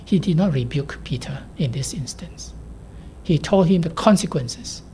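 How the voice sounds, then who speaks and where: Woman preacher, low mellow voice, measured and emphatic, soft near-whispers, faint hiss behind. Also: expressive. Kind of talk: sermon.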